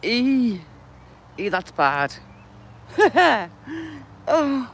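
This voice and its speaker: Greeting viewers by name, a livestream host dissolves into giggly, self-mocking, snorting laughter she can't stop. Her voice, on the high side, swings widely in pitch and moves extremely slowly over slight background noise.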